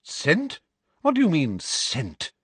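A man's voice: fairly high pitch, huge pitch swings, slow, breathy edge, dry recording, voice pushed up, exaggerated voice. A man reading an audiobook, voicing a strict older female professor who speaks in a clipped, snapping way. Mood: stern.

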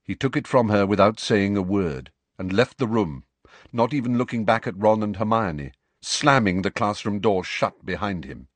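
A man narrating an audiobook in an expressive storytelling manner. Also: fairly low pitch, normal speed, no room sound. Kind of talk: scripted narration.

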